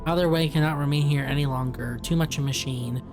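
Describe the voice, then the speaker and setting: A man's voice: fairly high pitch, fairly even intonation, fairly quick, creaky. A man reading aloud the clipped, broken lines of a fugitive machine intelligence living in a vending machine, in his own everyday voice. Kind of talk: reading game dialogue aloud. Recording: game music playing behind. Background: game music.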